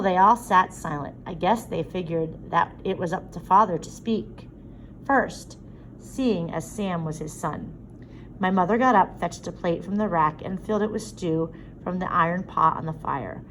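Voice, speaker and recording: A woman narrating a story aloud in a steady reading voice. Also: lowish voice, moderate pace, slight background noise, rough recording. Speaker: audiobook reader.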